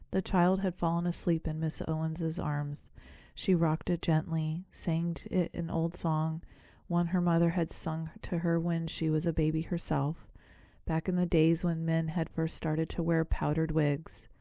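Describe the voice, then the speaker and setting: Female audiobook narrator, measured storytelling, dark mellow tone. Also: low voice, level tone, no echo, studio quality. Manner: measured storytelling with voiced characters. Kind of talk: scripted narration.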